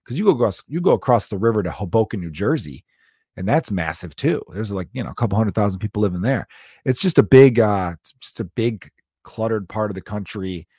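A man's voice: on the low side, animated, fairly quick, mellow, breathy edge, no room sound, studio quality. A man in his thirties hosting a podcast, rambling and joking in a casual monologue, swearing freely. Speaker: podcast host.

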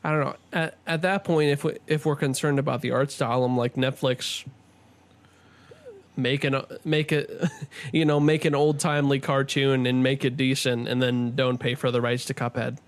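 Guy co-hosting, gravelly, kinda rambly and unsure, jokes around. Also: medium pitch, little pitch movement, moderate pace. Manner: hesitant, rambling, jokey. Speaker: podcast co-host. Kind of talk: casual chat.

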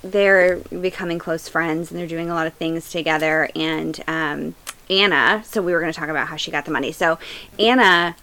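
A woman co-hosting a podcast chats casually, rambling with lots of fillers and restarts. Her low-pitched voice keeps fairly even intonation at a moderate pace, sounding pushed and bright on a low-quality recording.

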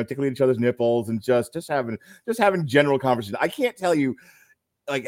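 A man's voice: medium pitch, a little mellow, no room sound. A middle-aged man hosting a podcast, telling stories in loose, rambling casual chat. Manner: loose, rambling storytelling, laughs a lot. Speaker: podcast host.

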